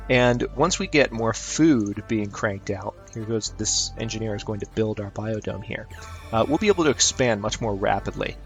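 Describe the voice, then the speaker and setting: A man giving casual let's-play commentary, chatty and upbeat, thinking aloud with fillers as he plays. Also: on the low side. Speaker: gameplay commentator.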